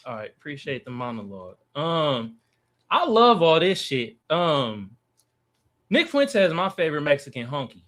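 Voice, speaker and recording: A man joking loudly and cursing freely in a relaxed panel chat. His voice is fairly high and bright, with a lively bounce in pitch. He plays up his lines for laughs. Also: normal speed. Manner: loud, profane, joking. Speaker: panel guest commentator.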